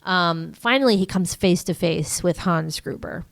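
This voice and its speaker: Rambling low-voiced woman podcaster. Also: a little slow, gravelly. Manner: rambling, filler-heavy, jokey asides. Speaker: podcast co-host. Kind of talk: casual movie recap chat.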